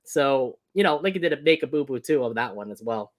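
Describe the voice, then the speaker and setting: A man co-hosts a casual film review chat, laughing often and rambling through his points with plenty of fillers. His pitch swings in a lively, animated way as he talks. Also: fairly quick. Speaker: co-host.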